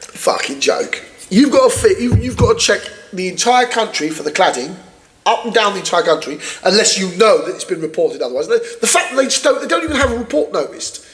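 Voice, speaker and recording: A man's voice: high voice, big pitch swings, fast. A man co-hosting a podcast, reading news aloud and ranting angrily with lots of swearing. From United Kingdom. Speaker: podcast co-host. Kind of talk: casual ranting political chat.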